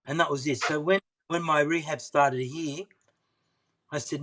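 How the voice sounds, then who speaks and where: A man's voice: on the high side, fairly even intonation, normal speed, a bit bright. A middle-aged man, an interview guest, telling a personal story earnestly and often repeating himself. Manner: earnest, persistent, repeats phrases.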